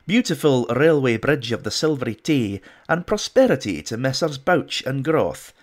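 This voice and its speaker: A man's voice: mid-range voice, lively intonation, moderate pace, pitched above the performer's own voice, lightly acted. A man putting on a Scottish accent to play a pompous Victorian poet, reciting verse in a grand, sing-song way. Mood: grandly declaiming. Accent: put-on Scottish. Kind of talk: dramatic poetry recital.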